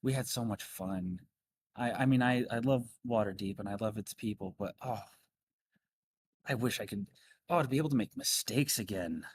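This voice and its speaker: A man's voice: on the low side, normal speed, a little hiss or hum, close to an everyday voice. A man voicing an emotional, tipsy older noblewoman who gushes and stammers. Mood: gushing. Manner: gushing, sentimental, stammering.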